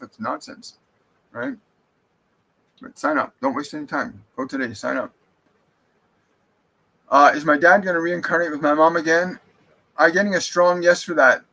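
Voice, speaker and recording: On a rough recording, this man's mid-range voice sounds creaky, husky and sharp. As a spiritual medium running a live stream, he reads out comments from viewers and answers them with earnest reassurance, frequently starting his sentences over.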